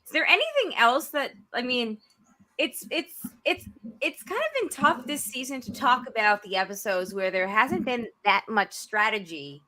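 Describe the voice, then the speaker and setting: Bright-voiced woman with a Long Island accent. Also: a little high, very animated, moderate pace, a little hiss or hum. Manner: laughs often, restarts phrases. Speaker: podcast co-host. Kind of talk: casual chat.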